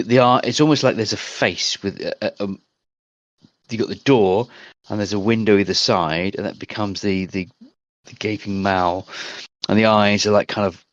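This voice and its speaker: A man's voice: lowish voice, no echo, highs cut off. A man narrating as game master over online voice chat, describing scenes in a rambling, hesitant way.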